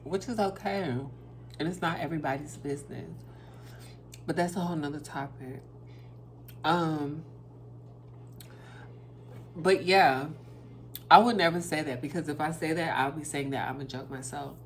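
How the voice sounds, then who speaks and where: A woman's voice: sits low, moderate pace, pauses often, a little hiss or hum. A woman vlogging at her dinner table, chatting casually and talking straight to her viewers. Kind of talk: casual chat to camera over dinner.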